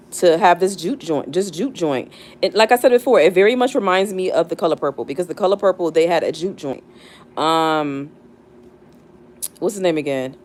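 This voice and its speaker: A young woman talks casually on a live stream, thinking aloud with plenty of fillers and restarts. Her voice sits a little low for a woman, and her talk stays loose and conversational throughout. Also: darkish tone. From United States, not the South. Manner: chatty and reflective, many fillers and restarts. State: near tears. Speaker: livestream host.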